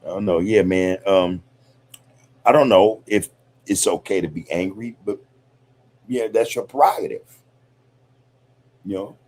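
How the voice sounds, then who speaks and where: A man's voice: low-pitched, unhurried, pauses often, darkish tone. A man hosting a podcast, talking in a reflective, loose, profane way, peppered with "you know, man". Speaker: podcast host. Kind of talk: casual podcast monologue.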